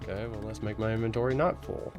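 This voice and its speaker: A man's voice: lowish voice, fairly even intonation, quick pace, loud music behind the voice. A sleepy man thinking aloud as he streams a game playthrough. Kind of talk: casual game playthrough commentary.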